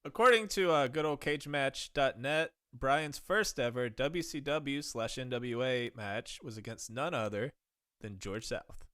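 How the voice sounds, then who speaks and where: Slow, bright-voiced podcast man. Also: mid-range voice, animated, dry recording, clean studio sound. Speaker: podcast co-host reading history notes. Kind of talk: casual podcast chat, reading notes.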